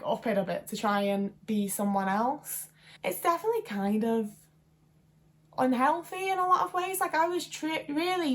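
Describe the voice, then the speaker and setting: A woman in her twenties talking to camera in a casual vlog, chatty and rambling with lots of fillers and self-deprecating asides. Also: on the high side. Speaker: vlogger.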